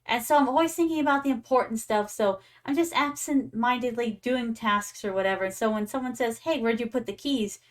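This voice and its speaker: Young adult female streamer with a slightly high voice and an easy, playful chatter toward her viewers. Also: fairly quick, hardly any pauses. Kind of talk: casual gaming stream chat.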